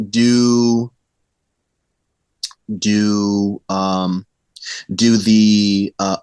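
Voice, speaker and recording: A man co-hosting a podcast, asking questions in a halting way as he searches for words. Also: on the low side, no echo. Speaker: podcast co-host. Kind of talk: casual interview chat.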